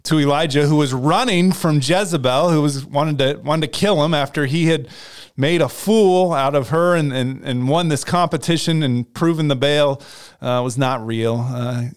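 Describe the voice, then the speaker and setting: A man's voice: on the high side, normal speed, clear, resonant tone. A man telling a personal faith story in a casual conversation, earnest, with frequent restarts.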